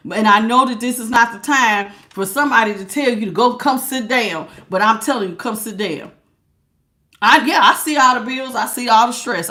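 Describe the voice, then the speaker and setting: Bright-voiced woman preaching a tarot reading. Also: a little high. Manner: preachy, emphatic, repeats words for stress. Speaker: tarot reader. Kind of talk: live spiritual tarot reading.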